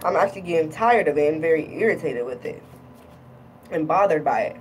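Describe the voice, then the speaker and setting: A woman's voice: low-pitched, lively intonation, a little fast, recorded from a distance, slight background noise, rough recording. A woman talking casually in a vlog, irritated and rambling, often repeating herself. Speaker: vlogger.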